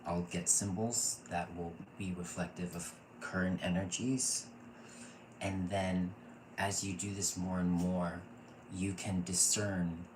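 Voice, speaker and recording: Low-voiced guy gushing through an online class, laughs a lot, faint hiss behind. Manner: gushing and excitable, laughs often. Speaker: intuitive reading teacher. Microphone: computer mic, off camera. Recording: echoey room with faint noise.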